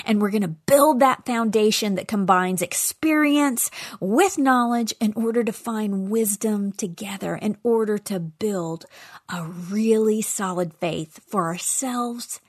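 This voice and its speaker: A woman's voice: medium pitch, slow pace, no room sound, studio quality. A woman hosting a faith podcast, talking earnestly and with emphasis, sometimes dropping to a near-whisper to stress a point. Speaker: podcast host. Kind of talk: faith-teaching podcast monologue.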